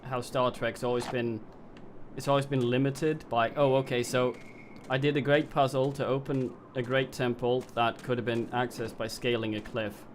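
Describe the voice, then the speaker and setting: A man's voice: mid-range voice, flat delivery, moderate pace. A man streams a video game in a middle-range voice, rambling from one tangent to the next. He swears freely and jokes at his own expense. A faint hiss runs beneath the talk. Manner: profane, rambling, joking. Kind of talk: casual gameplay commentary.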